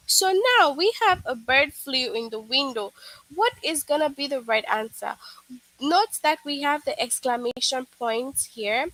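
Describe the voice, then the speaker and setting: A woman's voice: sits high, lively intonation, a little slow, a bit bright, no echo, low-quality recording. A woman teaching an online lesson to young children, patiently explaining and repeating herself, with many "okay"s and "all right"s.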